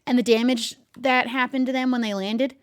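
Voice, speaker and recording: A woman streaming a game, chatting and playing along with an unseen visitor, easily startled and quick to gasp and laugh. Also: on the high side, fairly even intonation, smooth. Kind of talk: casual gameplay commentary with light role-play.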